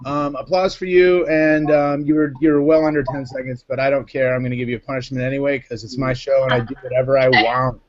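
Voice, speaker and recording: A man's voice: medium pitch, flat delivery, fast, hardly any pauses, muffled recording. A man hosting a casual live panel chat, joking and rambling. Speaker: host.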